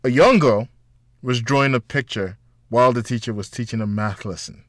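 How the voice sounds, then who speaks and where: A man's voice: mid-range voice, moderate pace, no room sound, clean studio sound, natural voice. A man reading a novel aloud, voicing a playful young woman who tells a joke in a light, teasing manner. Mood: amused.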